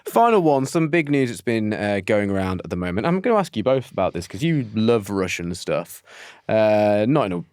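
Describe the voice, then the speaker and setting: A British man leads a casual podcast chat, tossing out questions with playful energy. His pitch swings widely as he talks, and the sound is dry and close. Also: sing-song, normal speed, darkish tone, smooth, dry recording. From Britain. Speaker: podcast host.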